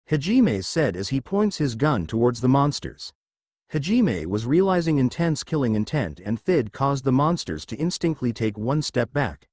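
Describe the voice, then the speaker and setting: A young man narrating a fan fiction story in a plain, steady way. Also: medium pitch, moderate pace, dry recording.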